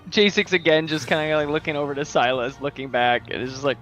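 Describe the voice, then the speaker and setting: A man playing a tabletop game, describing his character in a slow, amused drawl. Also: on the high side, a bit bright, highs cut off, faint music behind. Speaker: player. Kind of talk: tabletop role-play banter.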